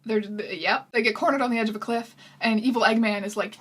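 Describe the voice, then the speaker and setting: A woman's voice: a little high, fast, breathy edge. Sarcastic, incredulous woman commentator. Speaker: video host. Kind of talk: comedic commentary.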